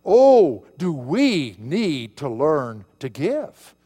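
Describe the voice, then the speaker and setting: A man's voice: fairly high pitch, sing-song, very slow, warm tone. A man preaching as pastor in a church, folksy and emphatic, building to fervent peaks. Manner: emphatic, folksy preaching with rising bursts of intensity. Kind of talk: sermon. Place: church sanctuary.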